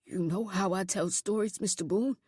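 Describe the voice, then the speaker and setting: A woman voicing a teenage boy in a reformatory, a smooth talker who pleads in a low, quiet voice. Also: moderate pace, no echo, clean studio sound. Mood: persuasive. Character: persuasive teenage boy inmate, quick and pleading.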